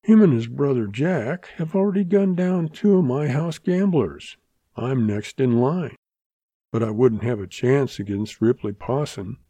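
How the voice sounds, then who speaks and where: A man voicing a scheming, ruthless saloon owner and rancher in a Western audiobook, gruff and blunt. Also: mid-range voice, lively intonation, unhurried, mellow, no room sound.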